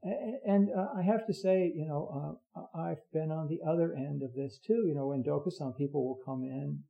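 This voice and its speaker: An older man giving an earnest dharma talk as a Zen teacher, halting with many fillers and restarts. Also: on the high side, creaky. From United States. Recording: dull lo-fi recording.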